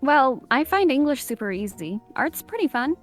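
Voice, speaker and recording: A woman's voice: sits high, very animated, normal speed, faint music behind. A woman voice actor playing a nervous young schoolgirl who hesitates and laughs uneasily. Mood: hesitant.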